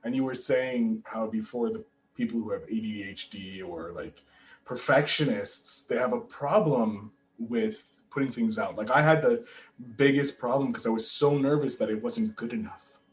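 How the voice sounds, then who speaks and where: A man's voice: mid-range voice, moderate pace, slight background noise, poor audio. A man hosting a podcast interview, talking casually and eagerly with many fillers and restarts. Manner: chatty and animated, with frequent fillers and restarts. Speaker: podcast host.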